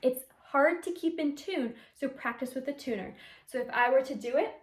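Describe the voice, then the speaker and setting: A woman's voice: high voice, normal speed. A woman teaching flute, explaining articulations step by step and singing the syllables of each note. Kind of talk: instrumental music lesson. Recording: echoey room.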